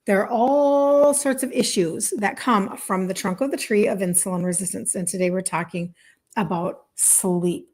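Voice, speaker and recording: A woman's voice: medium pitch, normal speed, a little mellow. A woman in her fifties, a health coach, chatting casually to viewers on a live stream, emphatic, repeating herself and saying "like" often. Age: 50s.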